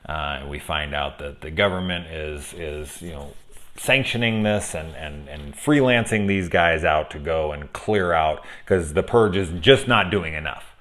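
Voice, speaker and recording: Low-voiced man ranting in a film review. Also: unhurried, a bit bright. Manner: rambling, profane and heated, laughing often. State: angry. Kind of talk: casual spoiler review.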